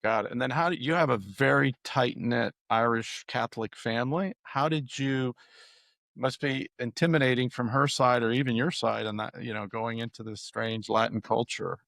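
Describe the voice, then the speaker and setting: A man hosting a podcast, asking relaxed questions with halting restarts. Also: mid-range voice, vocal fry, dry recording. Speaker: podcast host. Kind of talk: interview questions.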